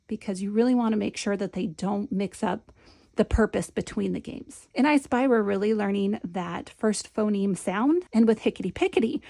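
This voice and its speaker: A woman's voice: mid-range voice, vocal fry, warm tone. A woman demonstrating a classroom syllable game in a patient, instructional way, modeling the chant in a sing-song voice. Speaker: Montessori teacher trainer.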